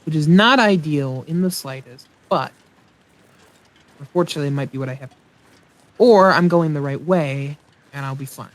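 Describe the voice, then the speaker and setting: Higher-voiced man narrating his gameplay. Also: normal speed, long pauses. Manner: rambling, thinking aloud, self-mocking. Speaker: let's play host. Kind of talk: casual gameplay commentary.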